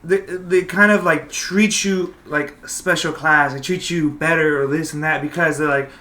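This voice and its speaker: A man's voice: a little high, fairly even intonation, moderate pace, pushed and bright. A man hosting a podcast, telling rambling stories full of restarts in casual chat. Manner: rambling storyteller with frequent restarts. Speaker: podcast host. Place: podcast studio. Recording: roomy studio sound.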